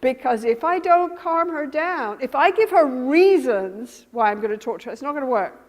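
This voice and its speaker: Animated high-voiced woman lecturing in a hall. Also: normal speed. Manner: animated and emphatic, acting out examples. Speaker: workshop presenter. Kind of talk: lecture to a workshop audience. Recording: long reverb of a lecture hall.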